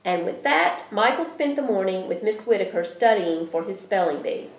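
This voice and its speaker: A woman reading a children's storybook aloud, with an expressive delivery. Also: medium pitch, moderate pace, heavy background noise. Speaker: reader. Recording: roomy echo.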